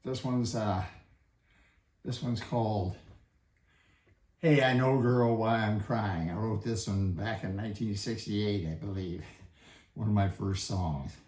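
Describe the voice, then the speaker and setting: An older man, a singer-songwriter, introducing his daily song in a slow, plain-spoken and earnest way. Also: fairly low pitch, fairly even intonation, darkish tone. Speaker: singer-songwriter and shelter founder. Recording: echoey room with guitar. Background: acoustic guitar.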